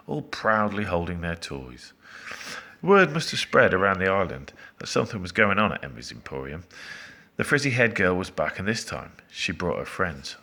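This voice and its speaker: A man reading a children's storybook aloud, expressive, with dramatic pauses. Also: low voice.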